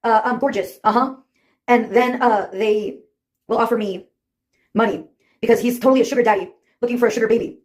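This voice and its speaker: A woman's voice: fairly high pitch, fairly even intonation, a little fast, pauses often, a little mellow. A woman in her fifties telling stories in a casual monologue, wry and sarcastic, laughing at her own anecdotes. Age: 50s. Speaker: vlogger.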